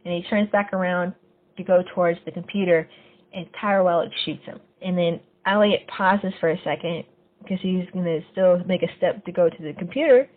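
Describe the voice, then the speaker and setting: A woman hosting a podcast, casually recapping a TV episode scene by scene and getting lively when she quotes the characters. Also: on the low side, normal speed. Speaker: podcast host. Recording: phone-like narrow sound.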